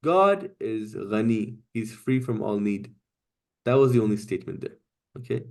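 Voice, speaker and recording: A man teaching a Quranic Arabic class, explaining grammar patiently, often checking with "right?" and "okay?", and reciting verses quickly. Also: lowish voice, animated, vocal fry, a little mellow.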